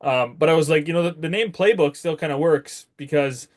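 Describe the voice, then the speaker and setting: A man's voice: a little high, brisk. A man hosting a podcast, chatting casually and eagerly with his guest and laughing along. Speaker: podcast host. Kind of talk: casual interview chat.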